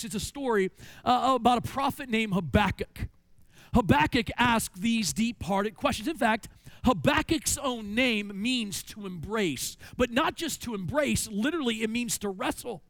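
A middle-aged pastor with a high voice preaches a sermon in a church sanctuary, telling animated stories and posing rhetorical questions. The sound has no echo.

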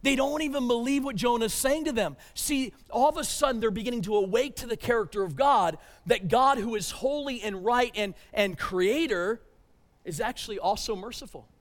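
High-voiced preacher in an echoing hall. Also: male voice, animated, moderate pace. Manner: emphatic, swings between loud urgency and hushed tones; repeats words when restarting. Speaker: pastor. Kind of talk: sermon.

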